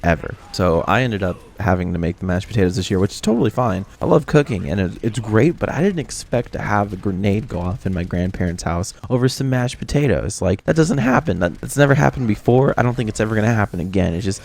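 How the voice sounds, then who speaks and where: A young man with a low, gravelly voice tells a funny holiday story to his viewers. His delivery is animated and full of exaggerated reactions, like a relaxed storytime vlog. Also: fast talker, hardly any pauses, slight background noise. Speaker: video creator.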